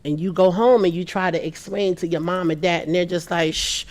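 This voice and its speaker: A woman's voice: lowish voice, a little fast. A woman speaking on a panel about mental health. She talks earnestly, restarts often, and animates the people she quotes. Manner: earnest, acts out quoted people in lively voices. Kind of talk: panel talk.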